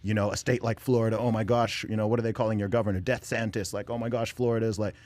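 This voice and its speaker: A man's voice: fairly low pitch, little pitch movement, fast talker, a little mellow. A man from England, a podcast guest, talking in a casual panel discussion with frequent fillers and restarts.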